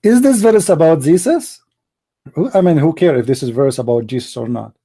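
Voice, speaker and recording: A man's voice: fairly high pitch, normal speed, warm tone, husky. A man hosting a live debate stream, arguing emphatically with rhetorical questions and non-native grammar. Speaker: live debate show host.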